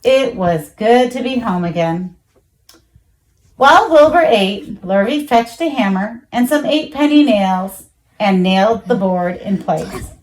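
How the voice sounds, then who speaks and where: A woman reading a children's storybook aloud, expressive, jumping high for the animal voices. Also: unhurried, low-quality recording. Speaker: children's book reader.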